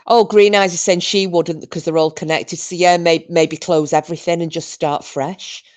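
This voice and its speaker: A British livestream host speaks with a fairly low pitch and fairly even intonation at a moderate pace. She chats casually, reading out viewer comments and telling a meandering story with many restarts.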